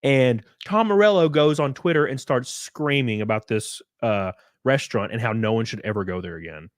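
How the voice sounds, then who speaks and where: A man hosting a livestream, ranting and commentating in a sarcastic, animated way. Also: mid-range voice, moderate pace, no room sound, studio quality. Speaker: livestream host.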